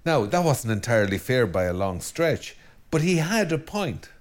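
A man's voice: mid-range voice, sing-song, moderate pace. Man, Irish accent, Mayo, middle-aged, priest hosting a talk show, casual chat, asides and tag questions, self-mocking. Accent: Irish, County Mayo. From Ireland. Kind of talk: casual spoken commentary.

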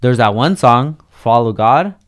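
A man hosting a casual chat about music, relaxed and agreeable, with casual slang. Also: medium pitch, unhurried.

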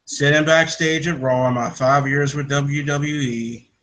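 A man's voice: on the high side, fairly even intonation, unhurried, a bit bright, a little hiss or hum. A man putting on an Australian woman's voice. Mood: sarcastic. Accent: put-on Australian. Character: a woman wrestler reading her tweet in an Australian accent.

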